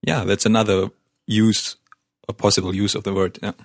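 A man with a fairly low voice teaches a language lesson, explaining each point patiently and simply. The recording is dry and close-miked. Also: level tone, normal speed, no room sound.

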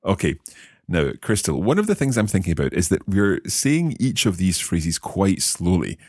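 A man hosting a language lesson podcast, asking questions and slowly repeating practice phrases after the teacher. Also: low voice, very animated, a little mellow, slightly rough, no echo, studio quality. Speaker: podcast host learning Mandarin.

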